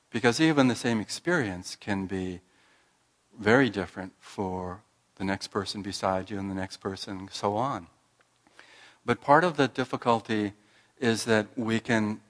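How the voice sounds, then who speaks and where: Guy preaching a calm reflective sermon, lowish voice, lots of pauses. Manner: slow, reflective, with many pauses and restarts. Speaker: speaker giving a sermon.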